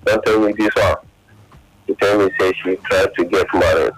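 A Nigerian man calling in to a radio show, telling a halting, emotional story of lost love in pidgin-laced English. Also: low voice, steady tone, slight background noise, poor audio. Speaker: caller.

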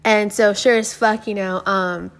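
A woman's voice: mid-range voice, steady tone, unhurried. A woman in her twenties hosting a podcast, telling stories in a rambling, profane way, full of fillers and restarts. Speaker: podcast host. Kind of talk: casual storytelling.

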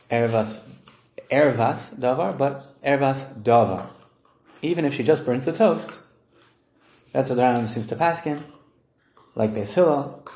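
A man giving a Talmud study lesson, explaining lively and acting out the quoted voices. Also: mid-range voice. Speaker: Talmud teacher. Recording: roomy echo.

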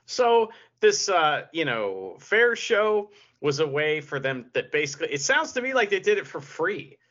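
A man hosting a podcast in casual chat, with a lively voice that swings up and down and a bright, forceful edge. He laughs often and swears freely. The audio sounds dull and lo-fi. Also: on the high side, normal speed. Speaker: podcast host.

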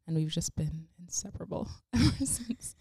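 A woman's voice: fairly low pitch, lively intonation, moderate pace, warm tone, husky, no room sound, studio quality. A young woman guest-interviewing on a podcast, bubbly and giggly, chatting in long run-on stretches. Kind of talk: casual podcast chat.

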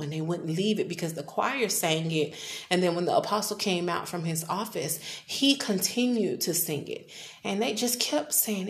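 A woman in her thirties talks earnestly and confessionally on her faith podcast, her voice low-pitched and gravelly. She sometimes sinks to a whisper. The recording is echoey with a faint hiss underneath. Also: animated, normal speed. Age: 30s. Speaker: podcast host. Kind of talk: personal faith podcast talk. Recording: echoey room with faint background noise.

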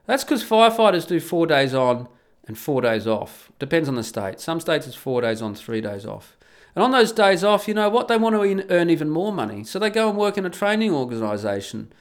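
A man hosts a solo podcast, ranting with open anger and plenty of swearing. His voice sits at a middling pitch and swings between loud outbursts and low, scornful asides. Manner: angry, profane, ranting, scornful. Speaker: podcast host.

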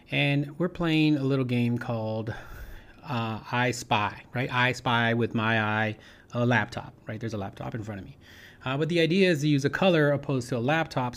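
A man telling a personal story in a loose, rambling way, often repeating himself and adding "you know" and "right?". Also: mid-range voice. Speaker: speaker sharing a personal story. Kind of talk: informal storytelling talk.

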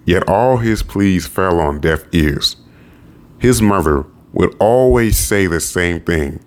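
Guy with a really low voice reading a novel out loud, steady storyteller. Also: takes it slowly. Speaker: narrator. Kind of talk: audiobook narration of a novel.

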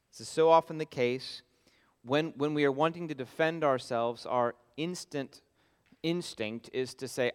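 A man's voice: fairly high pitch, animated, normal speed, clear, resonant tone. A pastor preaching an expository sermon, earnest and emphatic as he stresses his key points. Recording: long reverb of a large hall.

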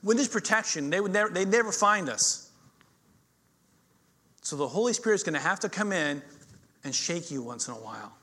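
Middle-aged male pastor, sermon, bright voice, slightly high, storytelling, loud then hushed. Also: animated, moderate pace, pauses often. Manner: storytelling, swings between loud emphasis and quiet intensity.

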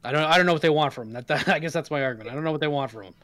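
A man's voice: on the high side, rapid-fire, fairly bright tone. Argumentative man making his case. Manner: emphatic, argumentative, rhetorical questions. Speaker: podcast co-host. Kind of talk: casual recap discussion.

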